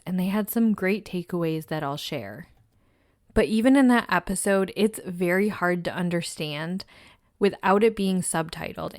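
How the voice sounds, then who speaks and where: A woman hosting a true crime podcast, narrating a case in a measured, somber way. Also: lowish voice, darkish tone, no room sound, clean studio sound.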